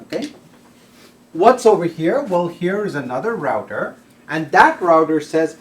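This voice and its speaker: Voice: mid-range voice, big pitch swings, a little slow. A lecturer giving a classroom lecture, often checking in with the students by asking "okay?" and "right?", and restarting sentences mid-thought.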